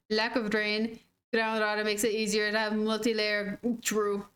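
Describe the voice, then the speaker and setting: A woman's voice: mid-range voice, completely flat delivery, slow, pauses often, fairly bright tone. A woman streaming a game, chatting casually and rambling with frequent giggles and slangy words like 'dude' and 'freaking'. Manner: giggly and rambling, laughing often. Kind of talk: casual gaming stream chat.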